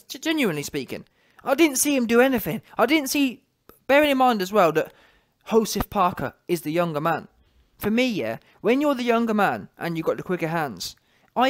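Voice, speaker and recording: Ranting high-voiced man. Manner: emphatic, repetitive, challenging. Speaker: boxing commentator. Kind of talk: opinion rant to camera.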